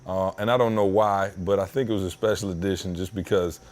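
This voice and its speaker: A man hosting a podcast from his home basement, telling a story in a casual, slangy, animated way that climbs in pitch when he gets worked up. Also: a little fast. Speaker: podcast host.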